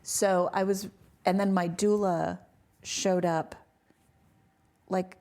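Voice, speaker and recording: Woman in her 40s on a podcast, kinda low voice, tells her story all animated, does little voices for people. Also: takes it slowly. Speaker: guest. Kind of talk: casual storytelling in a podcast interview.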